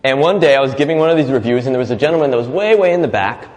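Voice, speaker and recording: A man's voice: medium pitch, lively intonation, very fast, a little mellow, in a large hall. A man giving an inspirational talk, telling stories and acting out quoted voices with little laughs. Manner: reflective, storytelling, acts out quoted voices with laughs. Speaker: motivational speaker.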